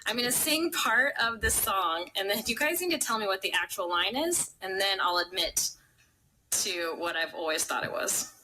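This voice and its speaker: A woman's voice: medium pitch, normal speed, bright, forceful tone, slight background noise, poor audio. A woman co-hosting a casual podcast, telling a story in a giggly, self-conscious way with many likes and ums. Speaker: podcast co-host. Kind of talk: casual chat.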